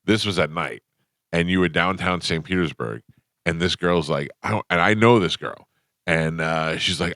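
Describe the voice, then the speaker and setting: A man hosting a morning radio show, telling stories in casual banter and jumping high in pitch when he quotes people. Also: moderate pace, no echo, studio quality. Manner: animated storyteller, jumps up high when quoting people. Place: radio studio. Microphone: studio microphone.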